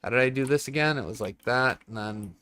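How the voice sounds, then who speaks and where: A man's voice: mid-range voice, a little fast, sharp tone. A young man streaming a building game from home, blunt and rambling, swearing a lot and talking to his chat and his cat on a desk microphone. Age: young adult. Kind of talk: casual livestream chat while gaming.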